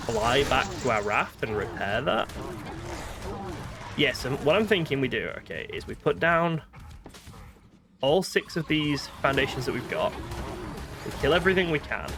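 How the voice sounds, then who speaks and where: A northern British man talks his way through a game, thinking aloud and poking fun at himself. His pitch swings about with animation. Soft background music plays under his voice. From northern Britain. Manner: chatty, thinks aloud, self-mocking. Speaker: gaming streamer. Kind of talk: casual gameplay commentary.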